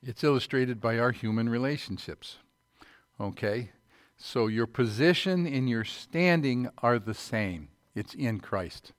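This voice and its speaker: Male preacher, sermon delivery, reads scripture, mid-pitched, dry close sound. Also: lively intonation, measured pace, no echo. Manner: reads scripture aloud, checks in with "Okay?".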